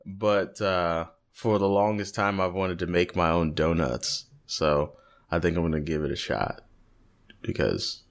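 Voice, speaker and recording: A man's voice: sits low, measured pace. A man hosting a casual podcast chat, joking around and hesitating often. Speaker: podcast host.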